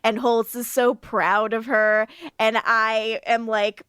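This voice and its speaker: A woman with a fairly high voice, recapping episodes on a casual rewatch podcast. She talks in an animated way, acts out the characters' lines and laughs often. The sound is dry and close to the mic. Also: takes it slowly, clean tone, dry recording. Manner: animated recapping with acted quotes and frequent laughs. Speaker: podcast co-host.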